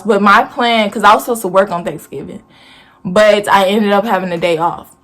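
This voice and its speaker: A woman recounts a family story straight to camera. Her delivery is blunt, profane and animated, the talk of a casual storytime vlog. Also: medium pitch. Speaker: vlogger.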